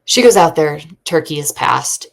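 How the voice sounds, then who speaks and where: A woman in her thirties hosting a casual faith podcast from home, telling family stories with lively quoting and talking earnestly. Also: sits low, moderate pace, creaky. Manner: chatty storyteller, animated quoting, earnest faith talk. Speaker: podcast host and homeschooling mother. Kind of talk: casual chat. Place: at home during a thunderstorm.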